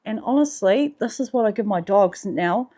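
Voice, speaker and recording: A woman with a New Zealand accent talking casually in a personal vlog, slangy and profane, sometimes softening to a low, hushed voice. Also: lively intonation, moderate pace. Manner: chatty, swears freely, slangy; drops to a soft, low voice in the spiritual parts. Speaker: vlogger.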